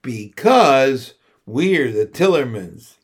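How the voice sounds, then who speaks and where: A man's voice: mid-range voice, big pitch swings, extremely slow, husky, exaggerated voice. A man voicing a determined young girl leader. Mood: firm.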